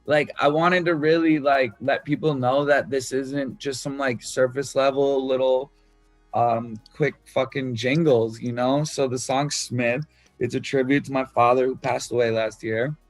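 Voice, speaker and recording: A man's voice: medium pitch, steady tone, a little slow, no echo, soft background music. A man talking about writing his album, loose and candid, swearing freely and full of fillers. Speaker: musician discussing his album. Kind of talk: casual talk about songwriting.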